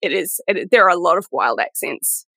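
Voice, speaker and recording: A woman's voice: on the low side, brisk, husky, no room sound. A woman, chatting casually and thoughtfully as a podcast guest. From England. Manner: animated, thoughtful, trained actor. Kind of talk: casual chat.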